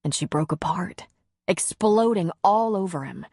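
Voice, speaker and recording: A woman narrating a romance audiobook in a slow, measured, intimate reading. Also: lowish voice, animated, a little mellow, breathy edge, dry recording, studio quality.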